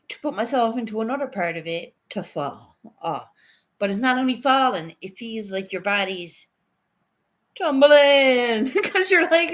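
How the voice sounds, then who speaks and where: Giggly, bright-voiced woman telling stories. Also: on the high side. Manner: giggly, swears a lot, animated storytelling. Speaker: livestreaming vlogger. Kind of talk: casual storytelling chat.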